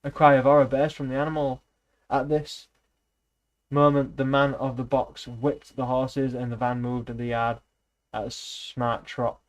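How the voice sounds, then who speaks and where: A man's voice: mid-range voice, little pitch movement, unhurried, dull audio. A man reading a novel aloud in a loose, casual way, with slips and restarts. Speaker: reader, streamer.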